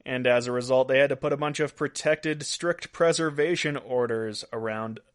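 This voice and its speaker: A male podcast host with an ordinary middle-pitched voice talks casually at normal speed through a series of odd news stories. He often breaks into laughter at his own jokes.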